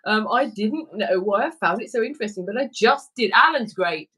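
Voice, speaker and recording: A woman's voice: medium pitch, expressive, fairly bright tone, slightly rough. A woman co-hosting a casual live stream, bubbly and playful, chatting with viewers and friends. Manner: bubbly, playful, quick to laugh. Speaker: livestream co-host.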